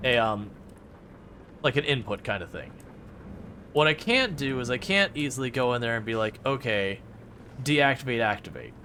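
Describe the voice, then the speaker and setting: A chatty man talks casually to his stream, rambling with fillers and teasing the game. His voice is mid-pitched and bright. A faint noise runs underneath. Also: sing-song, moderate pace, long pauses. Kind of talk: casual live-stream chat.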